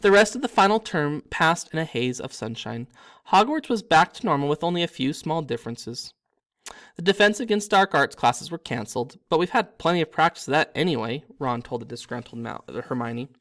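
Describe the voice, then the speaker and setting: A man reading his own storybook aloud, animated, with occasional slips and self-corrections. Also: fairly high pitch, brisk. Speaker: narrator and author.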